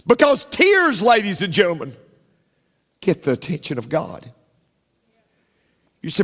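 A male pastor preaches in a high, sweeping voice that climbs and plunges through each phrase. He takes his time, repeating key lines and sinking to near-whispers to drive them home. The sound rings with the long reverb of a large church sanctuary. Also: huge pitch swings, measured pace, pauses often, a bit bright, breathy edge. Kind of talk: preaching a sermon.

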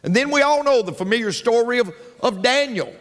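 Folksy preaching pastor in a reverberant hall. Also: male voice, extremely high pitch, expressive, a little fast, a bit bright. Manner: preaching with folksy jokes and call-and-response. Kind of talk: sermon. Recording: long hall reverb with faint music.

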